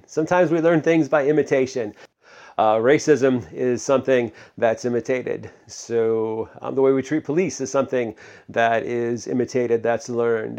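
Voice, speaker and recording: A pastor preaching a casual, conversational sermon, full of fillers and questions to the congregation. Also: male voice, mid-range voice, darkish tone, highs cut off.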